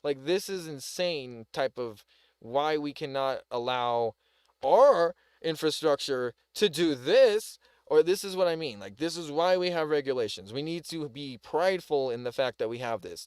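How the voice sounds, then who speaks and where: Rambling Southern man, smooth and dry. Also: a little high, animated, normal speed, no echo. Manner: rambling, heated, lots of "like" and "bro". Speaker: live streamer. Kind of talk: casual commentary on a news video.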